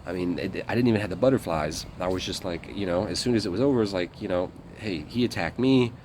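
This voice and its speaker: A man's voice: low voice, fast talker, darkish tone, a little hiss or hum. A man telling a story about his military days in a casual, rambling way, blunt and full of fillers and swearing. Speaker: guest recounting military service.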